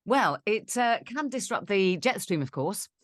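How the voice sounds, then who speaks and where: A British woman co-hosting a weather show, talking in a relaxed, conversational way. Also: mid-range voice, measured pace, dry recording, studio quality. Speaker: weather presenter. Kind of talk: casual co-host chat.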